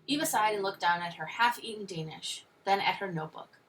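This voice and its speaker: Teacher lady reading a kids story out loud, expressive, mic a bit far. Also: mid-range voice, a little fast, a little hiss or hum. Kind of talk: reading a picture book aloud.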